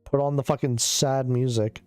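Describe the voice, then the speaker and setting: A man's voice: medium pitch, steady tone, normal speed, a little mellow, clean tone, no echo, faint music behind. A man streaming a casual chat while sick. He coughs, sounds loopy and rambles, swearing a lot.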